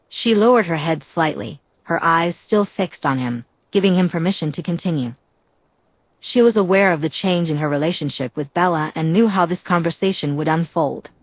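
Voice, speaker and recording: Low-voiced woman narrating an audiobook. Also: no echo.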